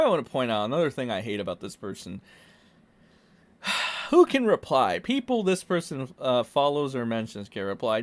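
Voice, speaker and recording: A young man ranting sarcastically as a casual online commentator, swearing freely. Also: mid-range voice. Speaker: YouTube commentator.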